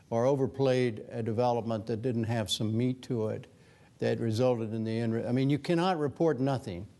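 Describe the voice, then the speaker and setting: Older male guest speaker, gravelly, chatty and discursive with animated asides. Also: mid-range voice. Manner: conversational, many restarts and fillers, animated quotes. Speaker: guest author, former news anchor. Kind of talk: lecture Q&A talk.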